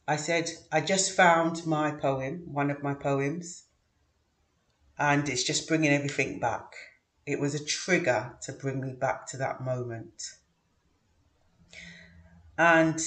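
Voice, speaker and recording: A middle-aged man speaking in a reflective personal monologue, earnest and measured, with frequent pauses. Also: a little high, fairly bright tone. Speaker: vlogger sharing personal story. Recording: echoey room.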